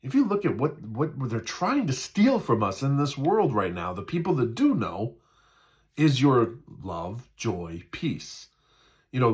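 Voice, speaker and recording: A man in a casual spiritual talk, speaking conversationally, repeating himself, often asking "right?" and acting out the voices in people's heads. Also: mid-range voice. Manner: acts out quoted inner voices.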